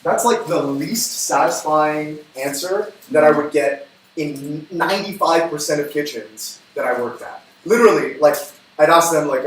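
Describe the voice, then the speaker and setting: A man hosting a cooking livestream, talking in a chatty, upbeat way with quick asides while he cooks. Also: fairly high pitch. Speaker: cooking show host. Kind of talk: casual cooking livestream chat. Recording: echoey room from far off, faint noise.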